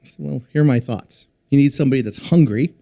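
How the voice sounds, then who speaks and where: Speaking quickly in a medium-pitched, creaky yet mellow voice, this man is a company founder on a business podcast. The chat is casual, and he explains earnestly, using plenty of fillers.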